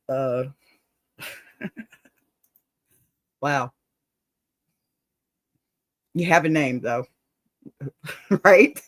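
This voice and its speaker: A woman's voice: low-pitched, no room sound. Lady reading a funny advice letter, lots of laughs, dry mic. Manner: playful, dramatic reading with laughs and asides. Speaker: advice show host.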